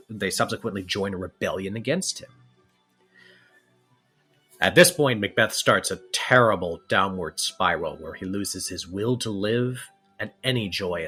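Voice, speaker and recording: A man teaching in a podcast lecture, explaining step by step and often pausing with fillers and correcting himself. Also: lowish voice, sharp tone, slightly rough.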